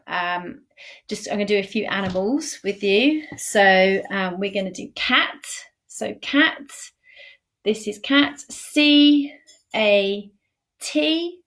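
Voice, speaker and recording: Medium in pitch and a little bright, this woman's voice guides a beginner sign language lesson on a live stream. She encourages learners and firmly, slowly repeats the key phrases.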